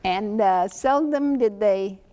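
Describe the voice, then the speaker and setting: A woman hosting a TV interview, relaxed and encouraging her guest. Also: mid-range voice, slow. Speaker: host.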